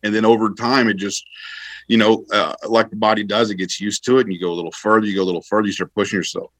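Low-voiced veteran man, relaxed storyteller. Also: fast, no room sound, poor audio. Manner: relaxed, rambling with fillers and self-corrections. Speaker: army veteran guest. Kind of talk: casual conversational storytelling.

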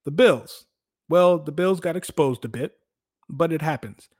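A man hosting a casual sports talk show, animated, laughing often and restarting his sentences. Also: on the high side, unhurried. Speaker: podcast host.

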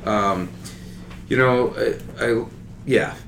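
A man's voice: medium pitch, fairly even intonation, drawn-out words, vocal fry, echoey room, a little hiss or hum. A man with a Boston accent chatting casually as a guest, telling stories and often stopping to search for names. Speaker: guest comedian. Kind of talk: casual chat.

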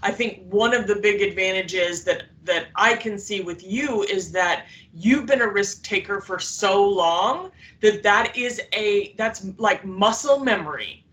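A woman's voice: mid-range voice, unhurried, few pauses, fairly bright tone, recorded from a distance, rough recording. A woman hosting an interview, replying to her guest with encouraging remarks. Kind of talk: conversational interview.

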